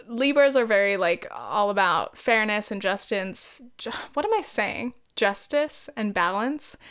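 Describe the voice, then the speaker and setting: A woman's voice: a little high, a bit bright, smooth. A young woman hosting a casual solo podcast, chatting loosely with giggles, rambling asides and casual swearing. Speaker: podcast host. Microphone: podcast mic.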